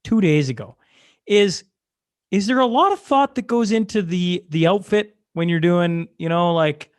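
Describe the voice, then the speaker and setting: A man's voice: high voice, animated, measured pace. Man hosting a casual podcast chat. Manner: curious, eager questions, talks of his wife. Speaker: podcast host.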